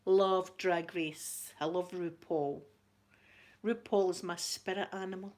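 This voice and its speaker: A woman's voice: on the low side, steady tone, slow, darkish tone. A woman with a Glaswegian Scottish accent chatting casually on a live stream, laughing often and repeating herself as she answers viewers. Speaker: ASMR channel host answering live chat.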